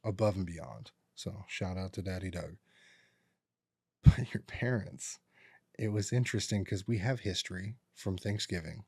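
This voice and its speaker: Deep, unhurried, a little mellow and husky, this man's voice comes through a dry recording in a podcast studio. As co-host, he chats casually and rambles through stories, acting out his relatives' words.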